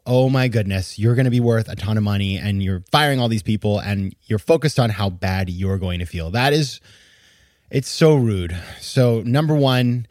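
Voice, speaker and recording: A man's voice: fairly low pitch, normal speed, a little mellow, no echo. Man, podcast host, opinionated monologue, indignant, emphatic, dry close sound. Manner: indignant, emphatic, laughs in disbelief.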